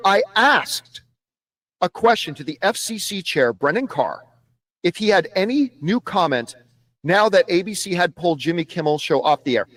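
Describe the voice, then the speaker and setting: A man's voice: sits high, dry recording. A man commenting on the news in a played clip, emphatic and repeating phrases for stress.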